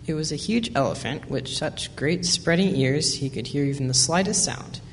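A man reads a children's animal story aloud at a steady pace, with brief asides. His voice echoes in a hall with faint background noise. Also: on the high side, normal speed.

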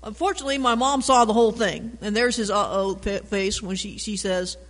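A man reading a picture book aloud with animated storytelling and chatty asides about the pictures. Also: high-pitched, brisk, in a large hall. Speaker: reader.

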